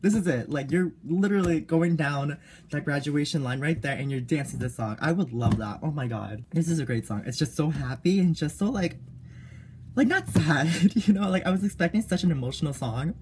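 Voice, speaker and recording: A young woman giving a gushing, animated fan reaction in a casual vlog. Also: low voice, fairly quick, background noise. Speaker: YouTube reactor.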